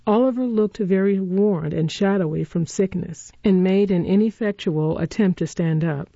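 A woman narrating a classic story in a measured, expressive reading voice. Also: mid-range voice, dry recording. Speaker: audiobook narrator. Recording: dull, dry lo-fi recording.

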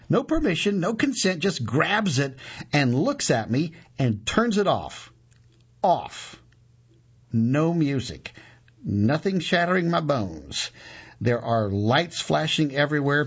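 A man narrating a gritty first-person story in an expressive way, moving from punchy to hushed, on a dull lo-fi recording. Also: mid-range voice, husky.

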